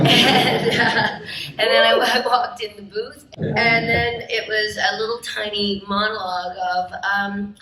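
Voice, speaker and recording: A woman from Canada, an actress, telling an interview anecdote in an animated, laughing way. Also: medium pitch, slow. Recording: echoey room with faint noise.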